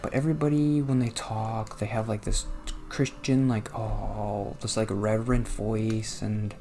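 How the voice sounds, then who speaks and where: A man's voice: lowish voice, fairly even intonation, normal speed, mellow. Guy from new jersey rambling over his game, self-deprecating, groans and laughs at it, faint game music behind. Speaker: gaming vlogger. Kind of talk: casual commentary while playing a video game.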